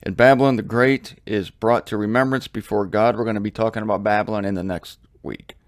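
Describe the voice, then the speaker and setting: An American man giving a casual, animated Bible study with humorous asides. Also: lowish voice, fairly quick, dry recording, clean studio sound. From United States. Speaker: Bible teacher. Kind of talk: conversational Bible study teaching. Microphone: studio mic with headphones.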